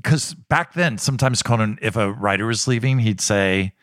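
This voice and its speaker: A man co-hosting a podcast, relaxed and chatty as he tells a story about a prank. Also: fairly low pitch, moderate pace, dry recording, clean studio sound. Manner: relaxed storyteller, acts out quoted lines. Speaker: podcast co-host. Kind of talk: casual podcast chat.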